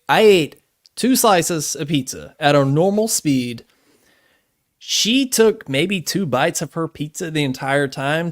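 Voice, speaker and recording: A slightly high male voice comes through in studio-quality audio without echo. He's a podcast co-host in casual chat, relaxed, profane, and quick to laugh.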